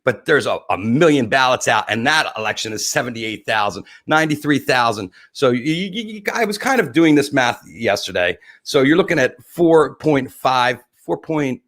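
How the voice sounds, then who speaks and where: Brief: male livestream host, lively swinging pitch, loose profane banter, talks through numbers as he reads them. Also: normal speed. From New Jersey. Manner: rambling, profane, jokey, thinks aloud over numbers. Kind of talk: casual election commentary.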